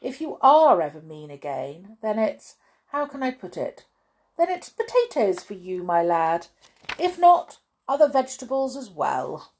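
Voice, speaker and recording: A woman voicing a rambling, wordy old male wizard in a storybook reading, with a breathy voice. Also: a little high, very animated, a little slow, voice pushed up, exaggerated voice. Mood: stern. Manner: dithering, roundabout, fussy phrasing.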